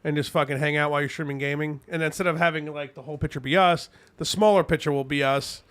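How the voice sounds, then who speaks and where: A man's voice: a little high, fairly even intonation, quick pace, a bit bright, clear, resonant tone. A young man co-hosting a podcast, rambling through casual, crude banter over drinks. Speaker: podcast co-host.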